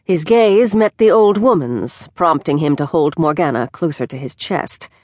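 A woman narrating a historical romance in a measured, expressive way. Her voice sits a little low and is recorded dry and close in a studio, with no room sound. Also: dry recording. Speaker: audiobook narrator. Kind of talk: scripted narration. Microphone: close studio mic.

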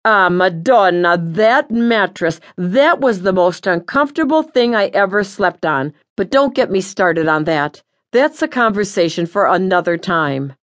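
A woman's voice: mid-range voice, expressive, unhurried, hardly any pauses, natural voice. A woman voicing the scolding, blunt ghost of an older mother in an audiobook. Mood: complaining. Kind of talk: audiobook character voice.

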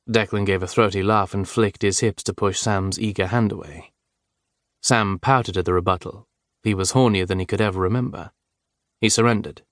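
A man reads an audiobook in a calm, steady storytelling voice. His voice sits a little low. The recording is dry and close, with no room sound. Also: normal speed, no room sound. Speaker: audiobook narrator. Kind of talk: scripted narration.

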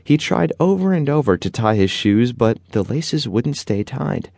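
A man narrating a children's audiobook in an expressive storytelling manner. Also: medium pitch, unhurried, vocal fry, dry recording.

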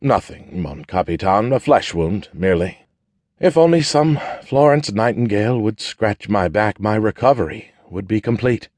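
A man's voice: fairly low pitch, expressive, normal speed, darkish tone, dry recording. A man voicing a wounded man stuck in bed who jokes and teases in an offhand way. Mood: wry. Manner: joking, offhand, teasing.

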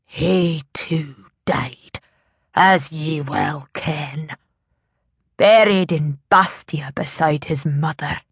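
A woman's voice: animated, a bit bright, breathy edge, no room sound, clean studio sound, exaggerated voice. A woman narrator voicing a grave, reproachful Scottish man, cousin to a dying laird, in an audiobook. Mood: somber. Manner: low, measured, reproachful. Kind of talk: audiobook character voice.

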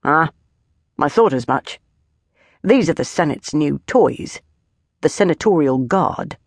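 A woman voicing a dapper, aging male legion valet in an audiobook, speaking quietly and knowingly. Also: sits low, expressive, takes it slowly, creaky, no room sound, full character voice.

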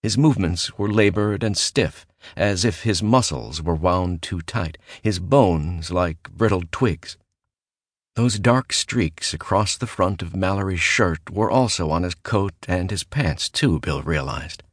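A male audiobook narrator reads horror fiction in a measured, even storytelling voice. His tone sits very low and deep. The sound is dry and close, with no room echo. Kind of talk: scripted narration. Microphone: close studio mic.

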